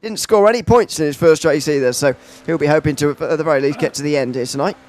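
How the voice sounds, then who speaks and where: A man's voice: on the high side, fast talker, darkish tone, slight background noise. A man commentating a sim race live, calling overtakes with frequent uhs and restarts. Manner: filler-heavy play-by-play with frequent uhs.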